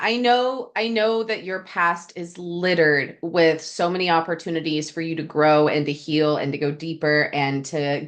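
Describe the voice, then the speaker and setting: A woman's voice: low voice, a bit bright. A woman hosting a coaching podcast, enthusiastic and slangy, swearing freely in casual chat.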